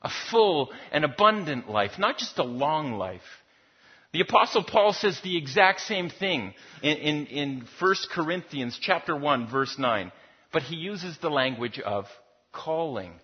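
A man's voice: fairly high pitch, lively intonation, a little slow, slightly rough. A man preaching a sermon in a conversational, storytelling manner, often repeating words as he goes. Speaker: pastor. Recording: dull lo-fi recording.

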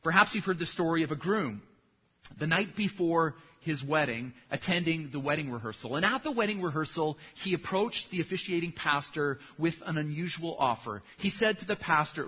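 A man's voice: a little high, expressive, moderate pace, husky, lo-fi sound. A man who is a pastor, preaching a sermon and telling a story with acted punchlines.

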